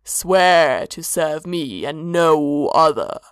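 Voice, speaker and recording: A woman voicing a curious, slow-speaking tentacled male god with a dry manner. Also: low-pitched, lively intonation, smooth, no room sound, pitched below the performer's own voice. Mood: dark.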